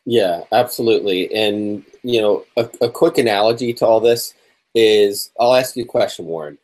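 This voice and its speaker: A man's voice: on the low side, moderate pace, a little mellow. Man explaining with friendly questions. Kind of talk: casual discussion.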